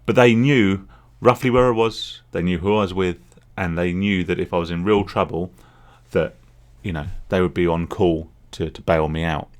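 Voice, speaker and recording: A man's voice: sits low, steady tone, moderate pace, hardly any pauses. A man speaking candidly in a rambling, confessional solo vlog about his past as a gambling addict. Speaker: vlogger, former gambling addict. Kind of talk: reflective solo vlog monologue.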